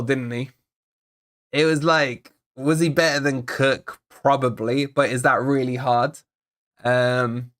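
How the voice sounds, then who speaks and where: A man's voice: mid-range voice, fairly bright tone. A young man hosting a fan channel, giving sarcastic, exasperated player ratings and reading out viewer comments while recovering from covid.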